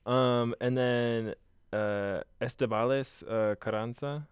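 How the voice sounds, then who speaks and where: A man's voice: mid-range voice, fairly even intonation, takes it slowly, clean tone, no room sound. Giggly crude guy with a dry sound. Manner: crude, giggly, rambling with fillers. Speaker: podcast co-host. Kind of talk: casual chat.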